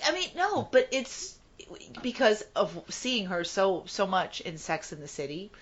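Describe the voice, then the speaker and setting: A woman's voice: medium pitch, big pitch swings, measured pace, a bit bright, lo-fi sound, a little hiss or hum. A woman co-hosting a casual movie podcast, chatty and self-deprecating. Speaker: podcast co-host.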